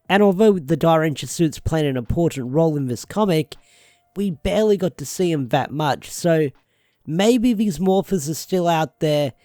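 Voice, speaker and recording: A man's voice: fairly high pitch, darkish tone, dry recording, studio quality. A man giving a casual comic book review, rambling along and hedging with filler phrases as he recaps the story. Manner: rambling, hedging with "sort of" and "who knows".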